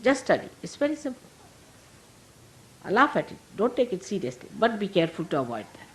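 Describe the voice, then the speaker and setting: An older woman with an Indian accent, a spiritual teacher giving a gentle, humorous sermon to her followers. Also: mid-range voice, sing-song, fairly quick, poor audio. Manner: gentle, humorous, laughing as she talks.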